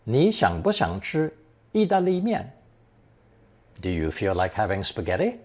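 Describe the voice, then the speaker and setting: A man's voice: lowish voice, huge pitch swings, a little slow, a little mellow. A man narrating a recorded Chinese lesson, reading example sentences and then translating each into English. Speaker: language teacher.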